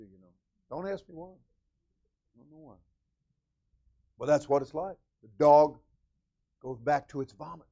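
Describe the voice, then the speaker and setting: A man preaches a sermon as senior pastor in a church. His voice sits high and gravelly and swings widely as he calls out to the congregation. The recording sounds muffled and lo-fi. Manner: animated preaching with call-outs to the congregation.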